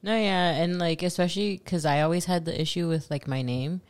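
A woman's voice: fairly low pitch, fairly even intonation, fairly quick, a little mellow. A woman hosting a podcast, chatting in an easygoing way and asking the guest questions. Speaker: podcast host and interviewer. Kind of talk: casual podcast chat.

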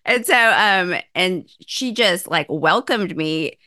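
A woman in her thirties tells her story in a casual chat, lively and expressive, often jumping into a high, acted-out voice when she quotes herself or others. She swears freely and talks through close, dry studio sound with no room echo. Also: slow. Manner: animated, acts out her own quotes with big pitch jumps, swears freely.

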